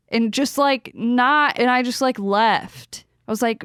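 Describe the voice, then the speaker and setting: A woman's voice: fairly high pitch, normal speed, hardly any pauses, a bit bright, clear, resonant tone, no echo, clean studio sound. A woman co-hosting a podcast in casual chat, blunt, frank and sarcastic. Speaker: podcast co-host.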